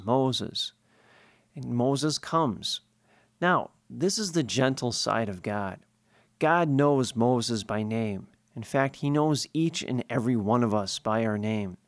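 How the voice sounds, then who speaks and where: A man's voice: medium pitch, dry recording, studio quality. A priest giving a sermon, explaining scripture earnestly and posing questions he then answers himself.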